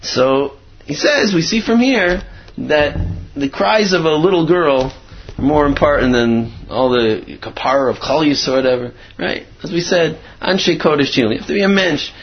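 Man storyteller-teacher, rambling and animated, slightly high husky voice. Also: normal speed. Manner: rambling, many fillers, acts out quotes. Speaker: Torah teacher. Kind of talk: storytelling talk. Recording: dull lo-fi recording.

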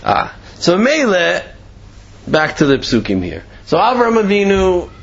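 Husky man teaching an informal Torah class. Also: high voice, measured pace, highs cut off. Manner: animated, rhetorical questions, frequent fillers.

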